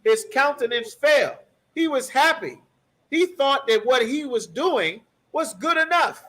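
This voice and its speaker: A man teaching a scripture class leads bible study emphatically, repeating key phrases and checking in with his listeners. His voice is extremely high-pitched and a bit bright, with lively intonation and a slightly slow pace.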